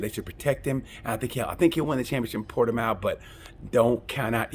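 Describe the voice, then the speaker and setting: A man's voice: mid-range voice, fast, husky. A man hosting a casual, comedic race review, rambling and joking with frequent restarts. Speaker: motorsport review host.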